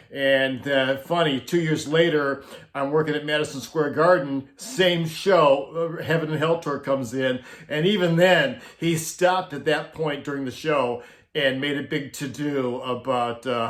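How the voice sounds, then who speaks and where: A man's voice: a little high, echoey room. A middle-aged man who worked on a concert sound crew, telling a backstage story casually and laughing often as he goes.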